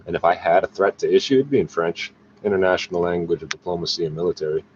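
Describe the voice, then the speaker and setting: A man's voice: low-pitched, fast, darkish tone. A man in a rambling, agitated, profane monologue to his camera, recorded on the device's own mic. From Canada. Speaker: vlogger. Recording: dull lo-fi with faint noise.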